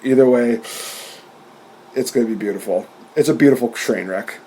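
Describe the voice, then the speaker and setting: A man's voice: mid-range voice, normal speed, warm tone, slight background noise. A man co-hosting a podcast in casual chat, retelling events animatedly and often laughing. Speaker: podcast co-host.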